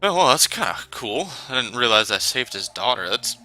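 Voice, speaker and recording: A man's voice: medium pitch, sing-song, moderate pace, sharp tone, no echo. A man giving casual, chatty gameplay commentary with self-deprecating asides. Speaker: gameplay streamer. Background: faint game music.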